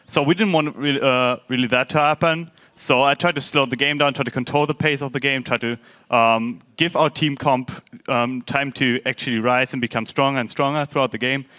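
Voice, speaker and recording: A man's voice: mid-range voice, fairly even intonation, a little fast, sharp tone. A man answering post-match interview questions as a pro gamer, explaining strategy in a methodical, hesitant way.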